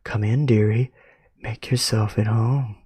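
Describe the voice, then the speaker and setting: A man voicing a soft-spoken, polite and calm male friend who offers therapy, read aloud from a story. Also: fairly low pitch, measured pace, breathy edge, no echo.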